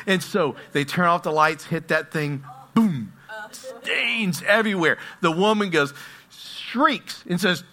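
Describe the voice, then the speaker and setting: A man preaching a sermon, telling stories and swinging between hushed asides and loud exclamations. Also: a little high, expressive, unhurried. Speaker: pastor.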